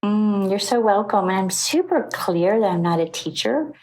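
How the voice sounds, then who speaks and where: A middle-aged woman guest on a podcast, telling her story in an animated, chatty way and acting out the voices of people she quotes. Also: mid-range voice, normal speed, poor audio. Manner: animated, acts out quoted voices, laughs easily. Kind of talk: storytelling in a conversational interview.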